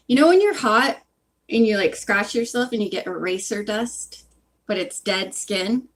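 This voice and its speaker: امرأة ثرثارة تقرأ كتاباً بصوت عالٍ. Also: female voice, mid-range voice, animated, unhurried, low-quality recording. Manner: chatty, rambling, self-interrupting. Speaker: reader. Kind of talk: reading a book aloud with casual asides. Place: hot room at home.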